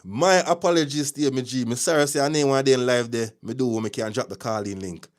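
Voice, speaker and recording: A man with a Jamaican accent hosts a live news stream in a chatty, opinionated way. His pitch sits in a middle range for a man, and he keeps greeting viewers by name between points. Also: steady tone, fast talker. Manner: chatty, addresses viewers, gives shout-outs, opinionated. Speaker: livestream news host. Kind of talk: casual live news commentary.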